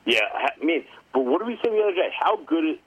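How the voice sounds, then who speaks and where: A man's voice: fairly high pitch, very animated, fairly quick, no echo. A man calling in to a sports radio show, chatting in a laid-back, agreeable way. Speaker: caller. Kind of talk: casual sports radio banter. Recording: dull lo-fi phone line.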